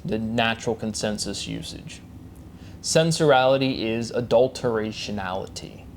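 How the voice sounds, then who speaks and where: Man rattling off fast wordplay. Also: lowish voice, a little hiss or hum. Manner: fast, repetitive wordplay with frequent restarts and coined words; chanted catchphrases. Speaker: solo presenter. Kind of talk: rambling solo monologue.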